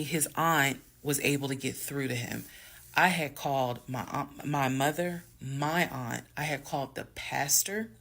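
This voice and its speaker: Emphatic woman with gravelly creak. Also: very deep voice, fairly bright tone. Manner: emphatic, dramatic, talks straight to viewers. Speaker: storyteller. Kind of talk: casual storytime monologue.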